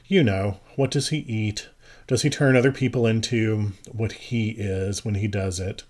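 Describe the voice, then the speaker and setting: A man's voice: fairly low pitch, steady tone. A man voicing a weary, tough-minded woman. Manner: tired, quiet, halting.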